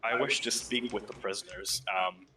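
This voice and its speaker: A snooty official who talks in stiff, bureaucratic phrases, as a man puts him on. His voice is low but bright. It sounds recorded in an echoey room over a faint hum. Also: fairly even intonation, moderate pace, far from the mic. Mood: haughty.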